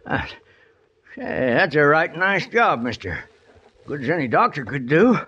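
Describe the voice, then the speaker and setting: An actor playing a grizzled, sly old outlaw with a broken leg, speaking in a gravelly Old West drawl with backwoods grammar, groaning and wheedling, in 1950s radio drama style. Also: male voice, a little high, very animated, a little slow, sharp tone, exaggerated voice. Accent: American Old West drawl. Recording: dull old radio recording.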